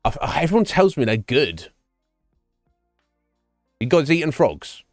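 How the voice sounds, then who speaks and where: A man's voice: fairly high pitch, sing-song, slow, no echo. A man streaming a game and chatting casually with his viewers, musing aloud with lots of fillers and restarts. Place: home streaming setup. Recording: dry close mic, faint game music behind.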